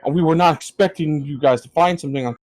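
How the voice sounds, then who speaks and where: A man voicing a brisk, commanding male ally in a tabletop game. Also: on the high side, a little mellow, no echo, close to an everyday voice, rough recording.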